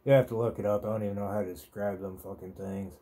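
Very dark-voiced man telling stories. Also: fairly low pitch, fairly even intonation, fast. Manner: rambling, profane, laid-back. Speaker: podcast host. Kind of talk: casual storytelling monologue.

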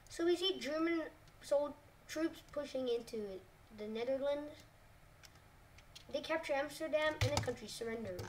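High-voiced hesitant woman narrating a map. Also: fairly bright tone, recorded from a distance, a little hiss or hum. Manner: hesitant, full of "like" and self-corrections. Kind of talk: casual narration over a map.

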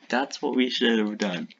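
A man's voice: mid-range voice, gravelly, dull audio, background noise. A young man rambling and poking fun at his own old short films as a video host. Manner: rambling, self-mocking. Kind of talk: reaction commentary.

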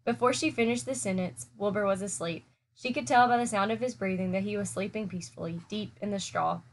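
A woman teacher reading a children's chapter book aloud in a steady, clear storytelling manner. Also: medium pitch, a little fast.

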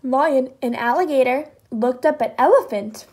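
A woman reading a children's picture book aloud in an expressive storytelling voice. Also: sits high, normal speed, slightly rough.

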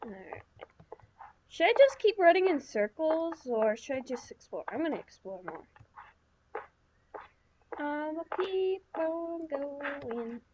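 High-voiced woman rambling through gameplay. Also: very animated, moderate pace, highs cut off, background noise. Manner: rambling, chatty self-talk with many fillers. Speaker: gaming channel host. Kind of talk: let's-play commentary.

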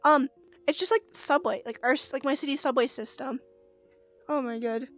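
A woman's voice: sits high, steady tone, normal speed, soft background music. A young woman streaming and chatting casually with viewers, giggly and prone to exclamations. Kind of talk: casual livestream chat.

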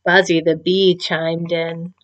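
A woman teacher reading a storybook aloud to children in an expressive, gentle voice. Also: on the low side, slow pace. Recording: dull lo-fi recording.

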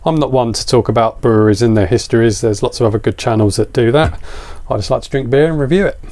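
A man's voice: medium pitch, fast talker, dark tone. A man, a little out of breath, chatting casually and enthusiastically as he reviews a beer on camera.

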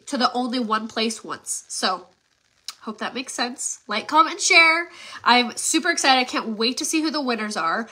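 A woman's voice: on the high side, normal speed, pushed and bright. A congested woman in her thirties hosting a live beauty demo and giveaway, chatty and upbeat with lots of fillers. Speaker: beauty livestream host.

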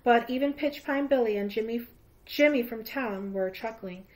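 A woman's voice: a little high, moderate pace, low-quality recording. Woman reading a children's novel aloud. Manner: steady, clear storytelling with occasional small slips. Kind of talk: children's book read-aloud.

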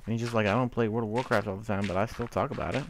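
A man's voice: fairly low pitch, steady tone, rapid-fire, a little hiss or hum. Chatty man narrating a block game. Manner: chatty, talks to his in-game sheep and mobs, hums. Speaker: gameplay commentator. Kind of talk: casual gameplay commentary.

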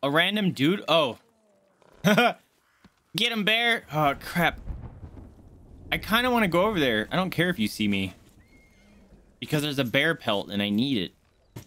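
Chatty guy streaming a game from home, fairly high voice, bounces all over the place. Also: moderate pace, pauses often. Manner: chatty, excitable, greets chat viewers. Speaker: gaming streamer. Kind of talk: casual live-stream chatter over gameplay.

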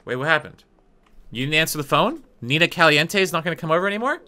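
A man streaming a life-sim game, chatting casually and bursting into mock-outraged shouting. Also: fairly high pitch, expressive, quick pace. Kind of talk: let's play commentary.

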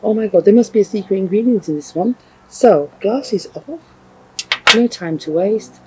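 A man's voice: high-pitched, moderate pace, mellow, husky, low-quality recording. A man reviewing chilli pickles in a vlog, gushing and effusive with repeated exclamations. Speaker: food reviewer. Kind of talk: enthusiastic product review vlog.

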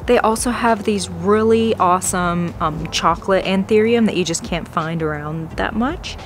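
A woman's voice: lowish voice, normal speed, faint music behind. A woman vlogging a plant shopping trip in a store, gushing and gasping with delight, often dropping to an awed whisper. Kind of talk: excited shopping vlog. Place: big box store garden section.

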